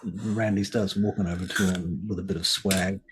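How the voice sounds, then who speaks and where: A man's voice: sits low, steady tone, moderate pace, fairly bright tone, a little hiss or hum. A man narrating as game master of a tabletop roleplaying game, casual and swearing.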